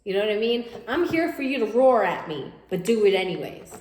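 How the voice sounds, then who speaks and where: A woman talks through a tarot reading in a loose, animated way, circling back over her own phrases. Her voice sits at an ordinary middle pitch. The room gives it a clear echo. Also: fairly quick. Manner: animated, voices imagined thoughts of the listener, repeats phrases. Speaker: tarot reader. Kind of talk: casual spoken tarot reading. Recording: echoey room, faint noise.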